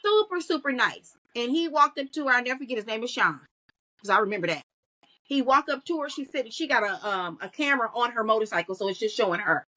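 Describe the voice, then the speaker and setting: High bright-voiced woman telling it animatedly. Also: fast, poor audio. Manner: animated storytelling, acts out quoted voices. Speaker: guest, content creator. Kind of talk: podcast interview conversation.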